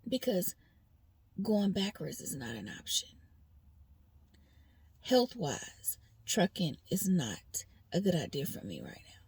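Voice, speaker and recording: Slow, gravelly-voiced woman venting. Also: lowish voice, huge pitch swings, darkish tone, no echo. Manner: rambling, talks straight to viewers. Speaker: vlogger. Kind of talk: personal venting monologue.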